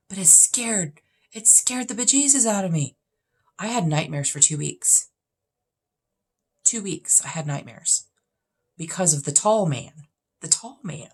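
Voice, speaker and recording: A deep, slightly mellow voice belongs to a woman in her fifties, a vlogger casually working through a list of questions. She's blunt and opinionated, leaning on plenty of emphasis as she chats.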